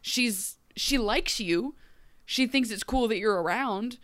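She co-hosts a podcast, casually recapping a TV episode and acting out characters' lines as the story unfolds. Her voice is a little high and slow, with no echo.

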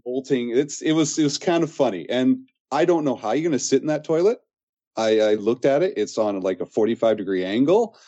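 A man's voice: mid-range voice, lively intonation, fairly quick, dark tone, muffled recording. A man co-hosting a podcast, chatting casually and enthusiastically, often restarting his sentences. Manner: rambling, enthusiastic, frequent restarts. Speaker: podcast co-host. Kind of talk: casual chat.

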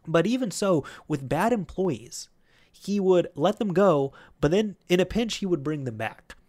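A man's voice: high voice, moderate pace. Casual man telling a work story. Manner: rambling, animated when quoting others. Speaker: podcast host.

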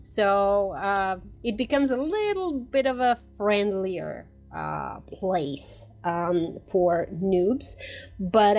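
A woman's voice: mid-range voice, darkish tone. A woman hosting a casual podcast chat, chatty and often laughing between points. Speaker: podcast host.

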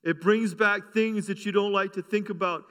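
A man's voice: sits high, steady tone, moderate pace, a bit bright, smooth. A middle-aged man pastor preaching a sermon fervently, with call-outs and humor, in a church. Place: church sanctuary. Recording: long hall reverb.

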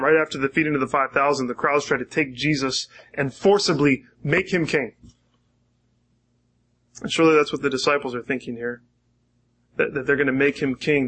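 A man preaching a sermon in a conversational way, often repeating words and correcting himself mid-sentence. He slows down and softens when quoting scripture. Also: fairly high pitch, breathy edge. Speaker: pastor.

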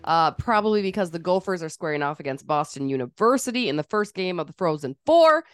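A woman co-hosting a podcast with chatty, teasing, animated sports talk. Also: fairly low pitch, quick pace, clean tone, dry recording, faint music behind. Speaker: podcast co-host. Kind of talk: casual sports chat.

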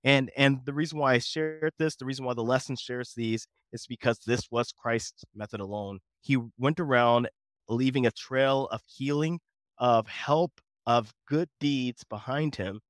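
A man's voice: mid-range voice, measured pace, dry recording, studio quality. A man co-hosting a Bible lesson discussion, talking in an earnest, emphatic, preacherly way. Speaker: co-host of a Bible study show.

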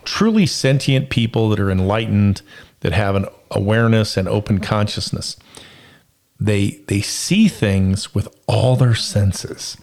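A man's voice: on the low side, a little slow, a little mellow. A man co-hosting a podcast in casual chat who muses reflectively about awareness and the senses. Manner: reflective, philosophizing. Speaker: podcast co-host.

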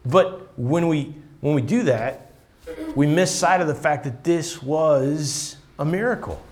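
A man delivers a loose, conversational sermon on a scripture passage. His voice sits a bit high for a man, and he keeps checking in with his listeners in an easygoing, chatty way. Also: slow. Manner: casual, often asks "right?". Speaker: pastor.

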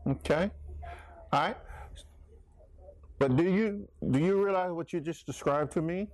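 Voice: medium pitch, unhurried, darkish tone, dry recording. A Bible study leader teaching an interactive class, asking questions and making jokey asides.

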